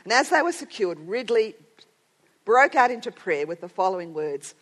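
A woman's voice: medium pitch, big pitch swings, moderate pace. A middle-aged woman giving a sermon to women, telling a story earnestly and building to strong emphasis. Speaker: speaker at a women's gathering.

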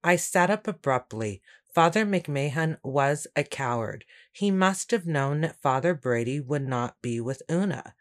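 A woman reading a first-person story aloud in a steady, measured way. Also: low-pitched. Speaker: audiobook narrator. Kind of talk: first-person scripted narration.

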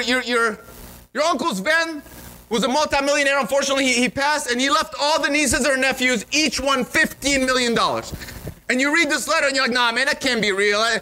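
Speaking in an extremely high pitch, a man preaches in a church sanctuary, spinning an energetic story full of restarts. The recording itself is rough.

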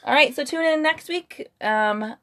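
A woman's voice: high voice, unhurried, bright, forceful tone. An American woman co-hosting a podcast, chatting casually in an upbeat, giggly way. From United States. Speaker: podcast co-host. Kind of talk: casual chat.

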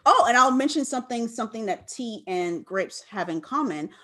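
Casual young woman from LA, slightly high voice, tells stories with lots of energy and cursing. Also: moderate pace. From Los Angeles, California. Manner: animated, swears freely, acts out her own past lines. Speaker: guest, wine enthusiast. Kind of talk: casual chat, storytelling.

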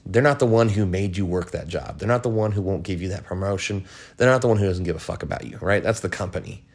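Deep-voiced guy doing a solo podcast rant, swears a lot, rambles with lots of "you know"s. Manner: profane, frank, rambling with many fillers. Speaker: podcast host. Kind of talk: casual solo monologue.

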